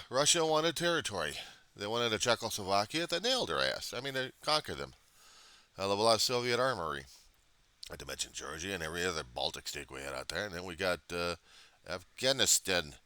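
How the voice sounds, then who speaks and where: Low-voiced american guy going on about history, swears a lot, jumps around, bright lively tone, dry sound. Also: brisk, long pauses, no echo. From United States. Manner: digressive, profane, self-correcting. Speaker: vlogger. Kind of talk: rambling history monologue.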